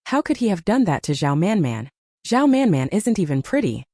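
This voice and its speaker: A woman's voice: fairly low pitch, sing-song, normal speed, mellow, no echo, studio quality. A woman voicing a vain, lovestruck teenage rich girl who whines defensively. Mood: dreamy.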